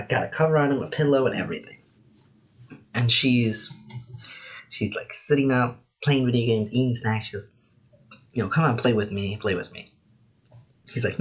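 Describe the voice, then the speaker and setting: A man casually reviewing anime episodes, rambling with lots of "like" and "you know". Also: mid-range voice.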